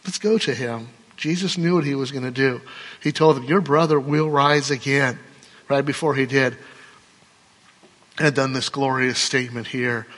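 A man's voice: medium pitch, a bit bright, in a large hall. A man preaching a sermon in a conversational, emphatic way, full of rhetorical questions. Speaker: pastor.

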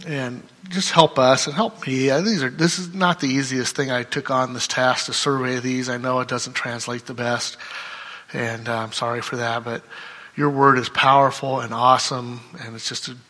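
A man's voice: medium pitch, fairly even intonation, normal speed, sharp tone. A man preaching a sermon as pastor, speaking conversationally and often checking in with "right?". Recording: long hall reverb.

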